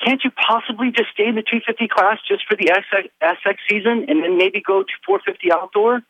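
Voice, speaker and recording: Caller, man, eager and pleading, high voice, lo-fi phone sound. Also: fast, no echo. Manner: pleading, excitable. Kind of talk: casual phone-in chat. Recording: muffled phone line.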